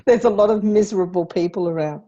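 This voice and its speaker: A woman's voice: medium pitch, quick pace. A woman hosting a casual video call, chatty and agreeing along with her guest. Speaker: host. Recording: dull video call audio with faint noise.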